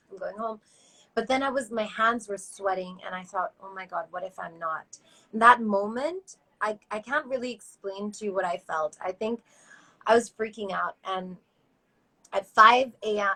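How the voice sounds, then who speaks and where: A woman recounting a personal experience as an interview guest, animated and acting out other people's lines. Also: medium pitch, low-quality recording. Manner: animated, acts out voices in quotes.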